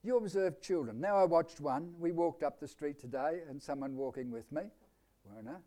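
A man with an Australian accent preaching a live sermon, quizzing his congregation with questions and swinging between loud declarations and quiet asides. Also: a little high, normal speed.

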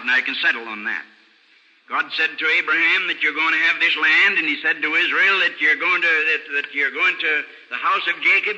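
Older preacher with a bright, ringing voice. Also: male voice. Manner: earnest storytelling preacher, dropping low and soft for sad passages. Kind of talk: sermon. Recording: old radio broadcast recording with long hall reverb.

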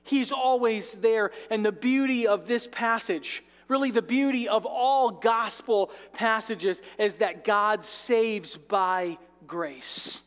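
A man's voice: high-pitched, slow, hardly any pauses, a bit bright, smooth. A male pastor preaching a sermon in a church sanctuary, conversational with light asides and jokes. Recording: reverberant large church hall.

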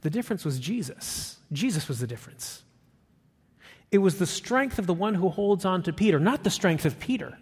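High, lively preacher in a reverberant hall. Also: male voice, moderate pace, husky. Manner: emphatic, rising on questions, dropping low and soft for quotes. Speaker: pastor. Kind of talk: sermon.

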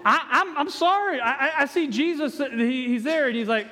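A man's voice: very high-pitched, normal speed, pushed and bright. A man preaching a sermon as pastor, stumbling through many restarts and acting out voices. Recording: echoey hall reverb.

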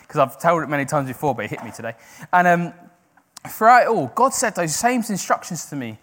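A man preaching a sermon, swinging from hushed, slow emphasis to loud, rising exhortation, correcting himself as he goes. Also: a little high, very animated. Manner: self-correcting, with brief laughs.

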